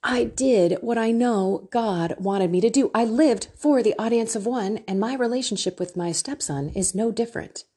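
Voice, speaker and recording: A woman's voice: a little high, moderate pace, few pauses, mellow, slightly rough. A middle-aged woman hosting a Christian talk, candid and emotional, telling personal stories with quoted dialogue. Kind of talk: personal faith talk to listeners.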